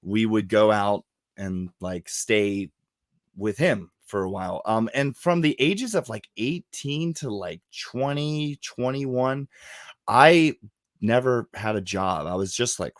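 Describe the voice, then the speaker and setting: A man's voice: lowish voice, unhurried, no room sound. Profane storytelling man, dry sound. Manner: profane, storytelling, animated quoting. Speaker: podcast host. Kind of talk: casual chat.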